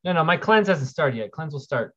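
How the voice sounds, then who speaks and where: A man's voice: fairly high pitch, animated, brisk, fairly bright tone, a little hiss or hum. A man hosting a casual livestream, rambling as he reads viewer questions aloud and answers them. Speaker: livestream host. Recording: dull lo-fi stream audio.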